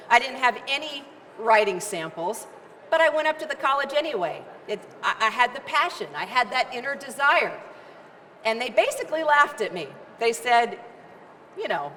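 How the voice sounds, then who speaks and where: A middle-aged woman giving an energetic, emphatic motivational speech, repeating phrases for rhythm. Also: on the high side, a little hiss or hum. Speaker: keynote speaker. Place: large event hall. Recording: reverberant hall with faint ambience.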